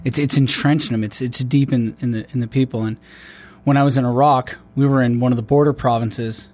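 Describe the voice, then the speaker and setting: A man's voice: medium pitch, fairly even intonation, a little fast, darkish tone. A man, a military veteran, talking in a loose, rambling way with many restarts and fillers. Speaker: podcast host. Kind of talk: casual conversation.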